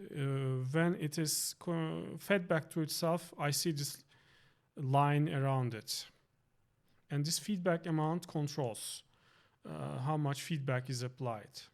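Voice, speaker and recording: A man presenting a software synthesizer tutorial, thinking aloud with fillers and quick self-corrections. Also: a little high. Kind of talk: screen-recorded software tutorial. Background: synth tones playing under the voice.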